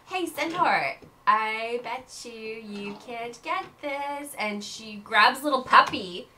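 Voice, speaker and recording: A woman's voice: on the high side, slow, sharp tone, a little hiss or hum. Woman doing a sneering snobby schoolgirl witch. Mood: taunting. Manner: sneering, mocking. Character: snobby mean teenage witch girl.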